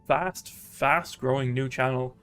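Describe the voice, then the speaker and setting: A man's voice: medium pitch, fairly even intonation, slow pace, fairly bright tone, clear, resonant tone. A man hosting a casual let's-play stream, joking, laughing often and drifting into rambling tangents. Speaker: gaming channel host.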